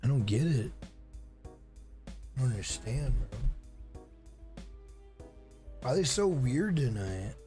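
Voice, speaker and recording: A man's voice: mid-range voice, big pitch swings, slow pace, long pauses, dark tone, soft background music. A man streaming a fighting game live, talking casually, swearing freely and trash-talking the opponent. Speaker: gaming streamer.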